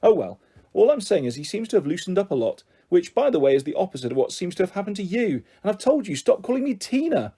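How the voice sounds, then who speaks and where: A man's voice: sits high, very animated, fast talker, warm tone, husky, voice pushed up, exaggerated voice. A man voicing an exasperated, chatty mother in an audiobook. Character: exasperated mum, adult woman, chatty. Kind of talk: audiobook character voice.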